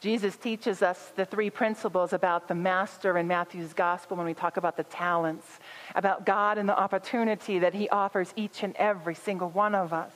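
A woman's voice: fairly low pitch, fairly even intonation, fairly quick, big-room sound, rough recording. A woman pastor giving an earnest sermon, building emphasis through repetition.

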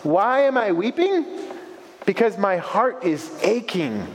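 Heartbroken grieving woman, lifted pitch, slow, heavy reverb; a man reads her. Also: sing-song, a little hiss or hum, heavily acted. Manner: repeated questions answered in earnest. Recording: long reverberant echo.

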